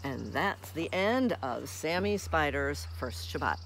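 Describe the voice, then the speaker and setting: A woman's voice: low voice, lively intonation, slow, slight background noise. A woman reading a children's picture book aloud, friendly and speaking directly to young listeners. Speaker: storybook reader.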